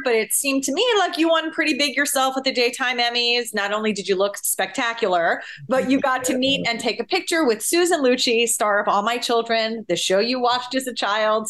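Higher-voiced woman interviewer. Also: moderate pace, few pauses, fairly bright tone. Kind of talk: scripted interview questions.

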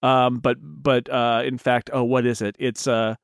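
A man co-hosting a casual film podcast, rambling and animated with many restarts and mock-indignant humor. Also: medium pitch, a little slow, gravelly, smooth, dry recording, studio quality. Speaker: podcast co-host.

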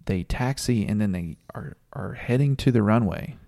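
On a casual sports podcast, a co-host shares a story with plenty of laughter. His voice is on the low side, creaky and mellow, at a normal speed.

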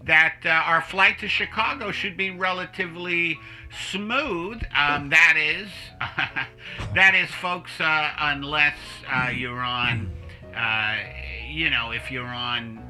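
A man's voice: a little high, takes it slowly, bright, forceful tone, faint music behind, pitched above the performer's own voice, exaggerated voice, rough recording. A man playing a chatty, oversharing airline pilot on mushrooms, improvising a PA announcement. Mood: rambling. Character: rambling stoned middle-aged male airline pilot. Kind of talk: improv comedy bit over a PA.

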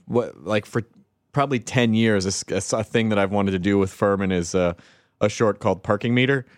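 Halting, joking man with a dry sound. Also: on the low side, no room sound. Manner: halting, joking, restarts sentences. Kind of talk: casual comedic chat.

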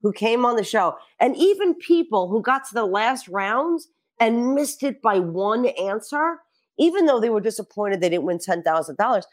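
A woman in her fifties chatting casually as a guest, telling lively, profane stories. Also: a little high, normal speed. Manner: animated storytelling, profane. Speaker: celebrity guest. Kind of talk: casual chat.

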